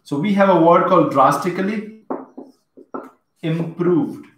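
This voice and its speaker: A man's voice: on the high side, a little slow, a little hiss or hum. A man with an Indian English accent teaching a live online English class, chatting and reading out viewers' comments as he goes. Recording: echoey room.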